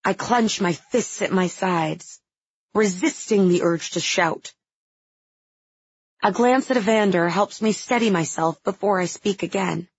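Brief: woman narrator, first-person audiobook, unhurried, slightly breathy, dry dull sound. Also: mid-range voice, no room sound.

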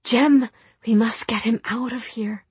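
A woman's voice: on the high side, fairly even intonation, measured pace, slightly rough, no room sound, voice pushed up. A woman voicing a determined young woman who pleads in urgent whispers and raised cries. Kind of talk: audiobook reading.

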